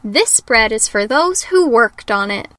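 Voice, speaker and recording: A woman's voice: a little high, lively intonation, measured pace, bright, forceful tone, dry recording. A woman voicing a patient, hardworking hen from a storybook, asking earnest questions. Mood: resolute.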